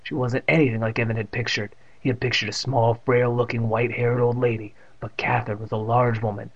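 A man narrating a story in a steady, plain reading voice, adding jokes of his own. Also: mid-range voice, brisk, creaky, highs cut off. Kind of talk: audiobook reading with ad-libbed jokes.

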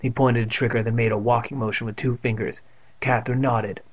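Brief: male reader, mid pitch, snarky asides, dull lo-fi sound. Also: flat delivery, brisk. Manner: adds snarky asides to the text. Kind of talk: reading a children's book aloud.

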